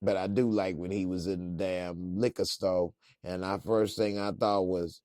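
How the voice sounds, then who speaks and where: A man casually reacting to a TV episode in slangy, laid-back talk with lots of laughter and animated retelling. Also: low-pitched, a little slow, dry recording, clean studio sound. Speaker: reviewer.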